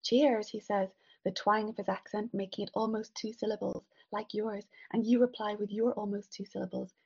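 A woman narrating a literary story in the second person, soft and measured, at times dropping to a whisper. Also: mid-range voice, level tone, gravelly, husky, highs cut off. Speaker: audiobook narrator.

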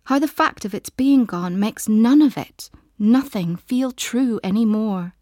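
A woman narrating a literary audiobook in a slow, measured, intimate and soft way. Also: on the high side, expressive, no echo.

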